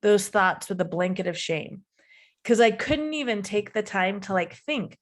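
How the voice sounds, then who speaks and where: A woman in a mid-range voice speaks as a podcast guest, telling her own story. She is candid and animated, acting out her past thoughts as she goes. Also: mid-range voice, measured pace. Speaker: interview guest. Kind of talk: personal storytelling in an interview.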